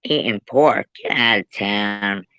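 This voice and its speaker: A woman's voice: a bass voice, slow, a bit bright, clear, resonant tone, no room sound. A woman hosting a casual livestream, teasing and joking with her viewers. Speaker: livestream host. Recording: dull lo-fi sound.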